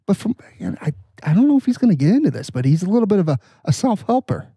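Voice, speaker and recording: A man hosting a podcast in casual chat, rambling and stumbling over his words with a husky voice. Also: high-pitched, very animated, quick pace, warm tone, no echo, clean studio sound. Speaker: podcast host.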